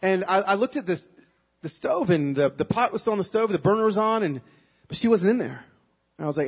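A man giving a sermon as a guest speaker, telling a personal story with emotion, moving between hushed and loud, pleading passages. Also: sits high, lively intonation, fairly quick, husky, muffled recording.

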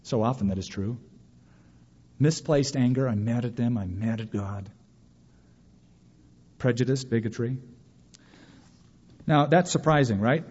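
A man preaching a sermon as pastor, animated and sometimes mimicking whiny voices for emphasis. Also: mid-range voice, a little slow, pauses often, husky. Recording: dull sound with long reverb of a hall.

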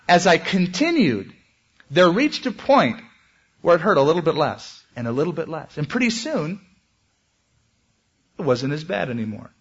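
A man preaching a sermon as pastor, with animated delivery and dramatic swings in pitch. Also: husky, lo-fi sound.

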